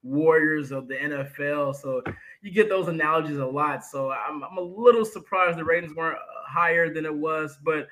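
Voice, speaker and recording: Casting: male co-host, somewhat high, bright tone, relaxed chatty sports talk. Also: moderate pace, rough recording. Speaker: podcast co-host. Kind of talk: casual sports podcast chat.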